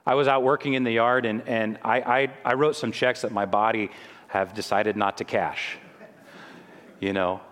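A man's voice: on the low side, steady tone, normal speed, fairly bright tone. A middle-aged man preaching a sermon in a conversational way, often restarting his sentences. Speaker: pastor. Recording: long hall reverb.

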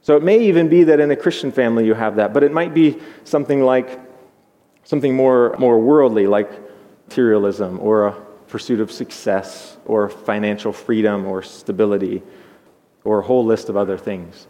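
A pastor giving an earnest, measured sermon, often repeating words as he thinks aloud. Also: on the low side, warm tone. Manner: earnest, measured preaching with repetitions. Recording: long hall reverb.

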